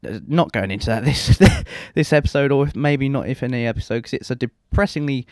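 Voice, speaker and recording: In a studio-quality recording with no room sound, a young let's play host swears freely while giving rambling, self-deprecating commentary on his game. He speaks briskly at a medium pitch.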